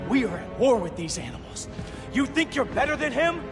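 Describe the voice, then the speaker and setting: A seething young rebel son in a game cutscene, his voice pitched very high and swinging wildly as he yells. Action music surges beneath him. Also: lively intonation, unhurried. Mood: enraged. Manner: shouting, accusing. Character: furious young man, Batman's rebellious son.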